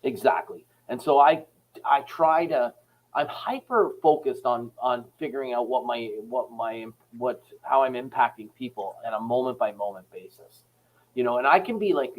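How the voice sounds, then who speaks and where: A man's voice: mid-range voice, a little mellow, rough recording. A man from Canada, a sales company head and author, talking frankly and rambling as a podcast guest, acting out phone calls as he tells stories. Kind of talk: casual podcast interview.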